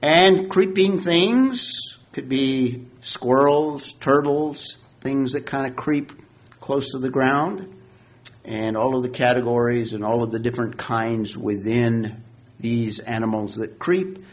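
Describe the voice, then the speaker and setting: A man giving a Bible lecture, slow and measured, with emphatic points and frequent pauses. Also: medium pitch. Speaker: Bible teacher.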